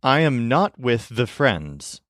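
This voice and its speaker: Male teacher voice-over, clear measured delivery, dry studio sound. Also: medium pitch, very animated, a bit bright, no room sound. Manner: clear, measured explanation with slow model phrases. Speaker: language teacher. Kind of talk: scripted lesson narration.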